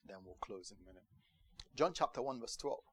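A man preaching a sermon in a lively, joking storytelling manner. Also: medium pitch, fairly quick, breathy edge.

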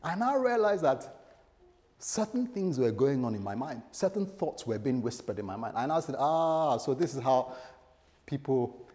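A man's voice: medium pitch, big pitch swings, moderate pace, mellow. A male pastor delivering a sermon, telling stories animatedly and acting out the voices he quotes. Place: church hall. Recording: long hall reverb.

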